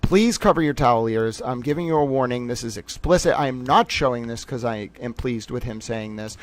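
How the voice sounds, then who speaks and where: A man's voice: mid-range voice, a little fast. A man hosting a live-streamed commentary, reading posts aloud in a heated, indignant way. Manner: heated, indignant, swings from shouting to quiet. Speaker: livestream host.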